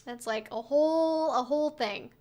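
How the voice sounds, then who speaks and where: A woman's voice: sits high, normal speed. A young woman hosting a casual livestream Q&A, chatty with lots of fillers and sarcastic asides. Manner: soft baby talk to her dog. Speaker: streamer hosting a weekly Q&A.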